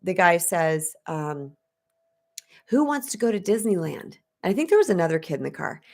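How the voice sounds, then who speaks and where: A woman's voice: fairly low pitch, big pitch swings, moderate pace, a little mellow. A woman in her fifties from the United States, a spiritual coach telling a personal story to live viewers in a candid, chatty way and acting out the voices she quotes.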